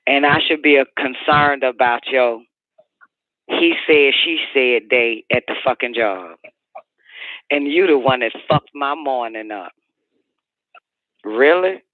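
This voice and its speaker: A man's voice: mid-range voice, no echo. A man voicing a furious woman who rants and curses scornfully at her partner, over a phone-like radio line. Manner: profane, shouting, scornful rant.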